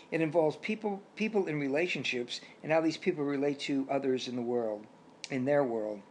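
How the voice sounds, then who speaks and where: A man's voice: fairly high pitch, a little hiss or hum, natural voice. A man voicing an elderly male physics genius with a German accent, lecturing cheerfully in a storybook reading.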